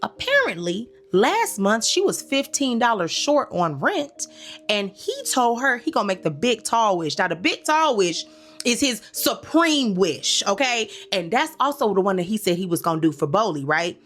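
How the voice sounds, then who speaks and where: A woman's voice: medium pitch, moderate pace. A woman hosting a comedic recap commentary, sassy and slangy, talking straight to her listeners and scolding the characters. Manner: animated, sassy, talks back to characters in quoted asides; slangy, addresses listeners as y'all.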